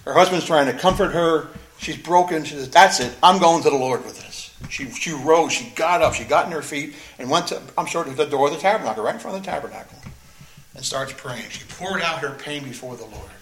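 Earnest preacher in an echoey room. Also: male voice, on the high side. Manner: earnest, emphatic, repeats phrases, pauses to stress words. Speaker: pastor. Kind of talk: expository sermon, reading and explaining scripture.

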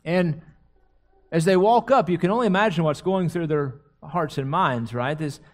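A man's voice: fairly high pitch, normal speed. A man preaching a sermon, retelling a scripture story dramatically, often repeating words as he goes. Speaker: pastor.

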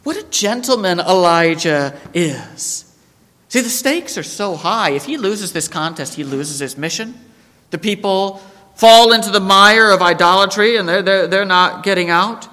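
A man preaching a sermon, animated and emphatic, quoting scripture and acting out the story. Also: high-pitched, measured pace, long reverb tail. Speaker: pastor.

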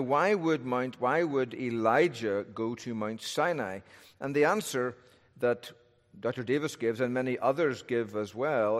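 A male pastor preaching an expository sermon in a thoughtful, conversational way, often posing rhetorical questions. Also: mid-range voice. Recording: long reverb of a large hall.

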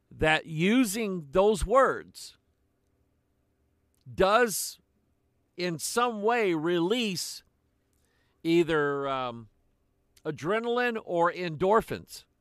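An older man preaching a sermon in a slow, deliberate way, with frequent pauses. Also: fairly high pitch, a bit bright, no room sound, clean studio sound.

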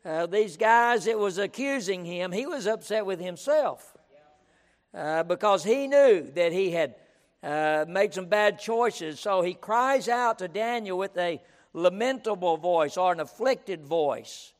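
A male pastor preaches emphatically in a reverberant auditorium, repeating his points and repeatedly cutting in with "listen." His voice is high-pitched and expressive, at a measured pace.

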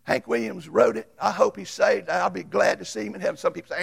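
A man preaching a sermon as a Baptist pastor, folksy and storytelling, swinging from loud to hushed. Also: high voice, fast talker, gravelly, hardly any pauses, husky.

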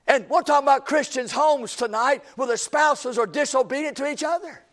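Guy preaching in church, real high voice, repeats himself for emphasis. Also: normal speed, a bit bright. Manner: repetitive, emphatic preaching cadence. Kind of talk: sermon.

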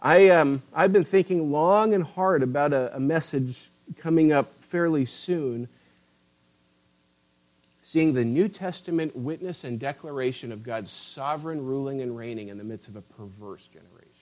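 Man, preacher, fervent sermon, swings between loud emphasis and quiet asides, fairly high pitch. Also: normal speed, low-quality recording. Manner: impassioned, rising and falling emphasis, addresses listeners as beloved.

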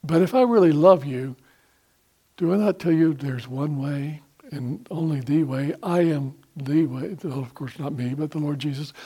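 A man delivering a fervent sermon in a somewhat high voice. He quotes scripture, poses rhetorical questions and often hesitates and restarts mid-sentence. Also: moderate pace, dark tone, breathy edge. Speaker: preacher.

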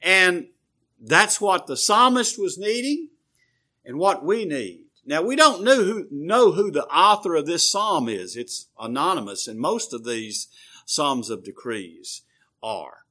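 A man preaching a sermon, explaining scripture in a measured, teaching way with frequent pauses and fillers. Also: a little high, animated, pushed and bright.

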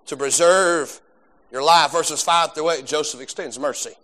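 A man preaching a sermon, swinging between loud drawn-out emphasis and quiet folksy asides. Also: a little high. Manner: folksy, self-deprecating asides. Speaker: pastor.

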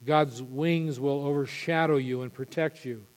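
A male pastor preaching an impassioned sermon, building to loud emphatic peaks. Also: medium pitch, fairly even intonation, unhurried, big-room sound.

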